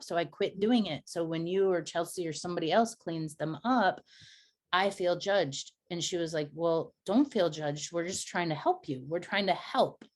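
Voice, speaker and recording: A middle-aged woman co-hosting a podcast, telling personal stories in a candid, confessional way. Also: on the low side. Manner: earnest, confessional storytelling. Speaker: podcast co-host.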